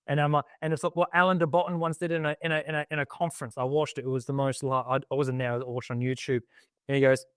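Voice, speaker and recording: A man's voice: medium pitch, fairly even intonation, rapid-fire, dry recording, studio quality. An Australian man talking as a podcast guest, earnest and reflective, with many loose fillers. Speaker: guest, army veteran. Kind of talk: casual podcast interview.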